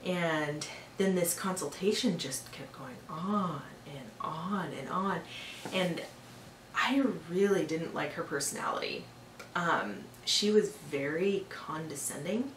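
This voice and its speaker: A woman's voice: fairly low pitch, expressive, slow pace, fairly bright tone. A young woman telling a personal story in a casual vlog, chatty and full of filler words, growing exasperated at times. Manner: chatty, lots of fillers, exasperated when retelling. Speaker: vlogger. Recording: echoey room, a bit far from the mic, faint hiss.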